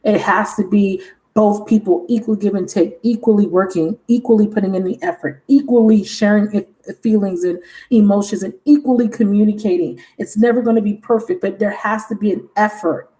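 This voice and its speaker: A woman's voice: mid-range voice, fairly quick, dark tone. A woman giving a casual, chatty tarot reading on a livestream, talking frankly and laughing often. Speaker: tarot reader.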